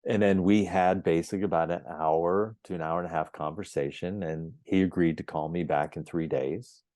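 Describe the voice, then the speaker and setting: A man on a podcast telling his story as the guest, animated, acting out the dialogue as he goes. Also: deep voice, moderate pace, no echo, studio quality. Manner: emphatic and repetitive phrasing. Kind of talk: storytelling in an interview.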